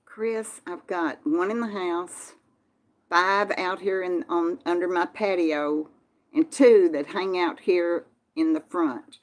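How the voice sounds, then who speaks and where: A woman's voice: lowish voice, steady tone, takes it slowly. Chatty Texan woman hosting a live chat. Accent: Southern US. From Texas. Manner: chatty, folksy, addresses viewers as y'all. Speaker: channel host reading live chat. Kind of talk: casual live-stream chat.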